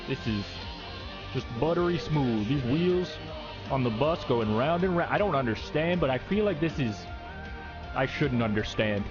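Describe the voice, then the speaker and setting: A man's voice: mid-range voice, lively intonation, moderate pace, music in the background. A man joking his way through comic reaction commentary on viral videos, playful and exclamatory.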